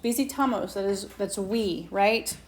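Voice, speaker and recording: A woman teaches a Spanish class at an unhurried pace. She explains each point with patience and keeps checking in with her students. Her voice sits at a middle pitch. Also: a little mellow, slight background noise. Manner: slow patient explaining, asks students questions. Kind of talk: recorded whiteboard lesson. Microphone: tablet mic.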